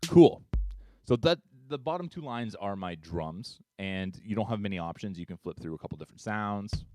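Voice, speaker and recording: A man teaching a music tutorial, upbeat and chatty, counting beats out loud as he demonstrates. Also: fairly low pitch, expressive, brisk. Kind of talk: screen-share tutorial.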